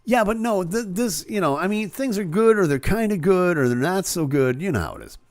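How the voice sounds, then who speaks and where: In a clean studio recording with no echo, a man with a high, expressive voice hosts a casual live-stream chat. He reads comments and talks with lots of fillers and restarts, chatty yet halting.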